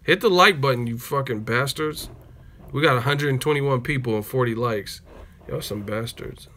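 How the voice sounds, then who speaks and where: A man's voice: medium pitch, moderate pace, bright, forceful tone, slight background noise. A man hosting a live stream, reacting to clips with profanity and laughter. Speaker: boxing channel host. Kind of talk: casual live-stream commentary.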